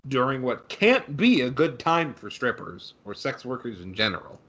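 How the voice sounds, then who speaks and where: A man's voice: medium pitch, very animated, moderate pace, a bit bright. Young man, podcast co-host, sarcastic, ranting, cussing, casual sports chat. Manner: sarcastic, ranting, swears freely.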